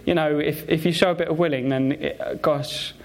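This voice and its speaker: A man giving a conversational sermon full of personal stories, talking in a halting way with many fillers and restarts. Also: on the high side, steady tone, vocal fry. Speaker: preacher.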